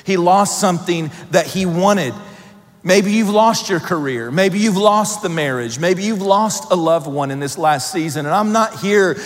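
Slow-speaking pastor in a big echoing hall. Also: male voice, high voice. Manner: emphatic, dramatic shifts between loud and hushed. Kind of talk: sermon. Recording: long hall reverb.

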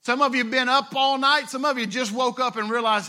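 Bright-voiced, high-pitched male pastor preaching. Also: fairly even intonation, brisk. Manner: conversational, retells scripture with playful asides. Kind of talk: sermon.

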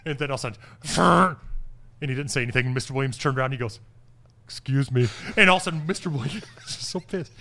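A man's voice: medium pitch, racing, gravelly. A middle-aged man, a podcast guest, telling stories in a casual chat with lots of "oh, yeah" and "you betcha". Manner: animated storyteller, frequent "oh, yeah" and "you betcha".

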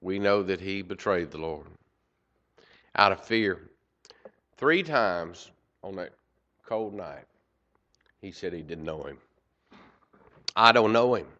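Guy preaching, low voice, gets loud then drops quiet, kinda muffled recording. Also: lively intonation, slow, pauses often. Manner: dynamic, swings from loud emphasis to quiet asides. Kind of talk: sermon. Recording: dull lo-fi recording.

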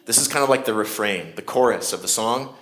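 A man's voice: fairly low pitch, a little fast, fairly bright tone. A man preaching a sermon in a conversational way, with shifting emphasis. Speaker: pastor.

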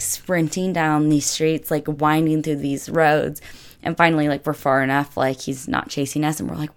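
Speaking a little fast, a young American woman with a strikingly low voice tells her vlog audience about a trip gone wrong. Her delivery is loose and chatty, with "like" dropped into almost every sentence.

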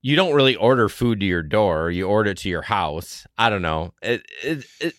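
Podcast co-host, male, lower register, dry booth sound, easygoing and hesitant. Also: expressive, moderate pace, fairly bright tone, dry recording. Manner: hesitant, loose conversational, trails off. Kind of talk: casual chat.

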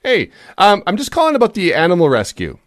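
Animated, sarcastic male podcast host. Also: sits high, quick pace. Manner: animated storyteller, sarcastic, swears freely. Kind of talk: casual comedic chat.

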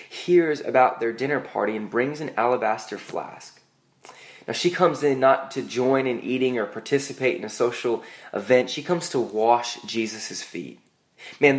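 A young man preaches to a congregation with an easy, chatty delivery. His pitch sits in the middle of the male range, and he moves between scripture and self-deprecating stories, often restarting his sentences. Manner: conversational, self-deprecating storytelling with frequent "like" and restarts. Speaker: pastor. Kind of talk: sermon.

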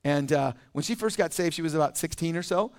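A man preaching a sermon as teaching pastor in a conversational, animated way with quick asides. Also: on the high side, very noisy. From United States.

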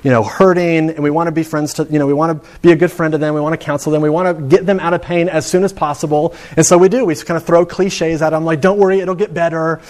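A young adult man, a pastor, preaching a sermon in a conversational way, building emphasis and slowing down on key words. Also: a little high, fairly even intonation, a little mellow. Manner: conversational preaching with rising emphasis and slow dramatic pauses.

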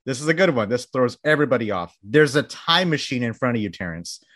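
A man's voice: medium pitch, expressive, quick pace, fairly bright tone. A man hosting an interview on a video call, upbeat and chatty with frequent restarts and laughs. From Texas, Dallas area. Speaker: podcast host. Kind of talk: casual interview chat.

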